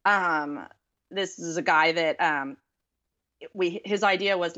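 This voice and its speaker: A woman's voice: fairly low pitch, slow, pauses often, a bit bright, lo-fi sound. A woman from the American South, an author, telling dating stories in a casual, self-deprecating way with many fillers. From Southern US, Texas. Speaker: author guest. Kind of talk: casual storytelling interview.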